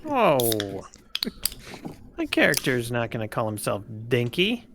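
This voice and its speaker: A man's voice: mid-range voice, huge pitch swings, slow, noisy background. A man casually chatting and joking while building a game character. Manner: laughing, joking, thinking aloud. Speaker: player.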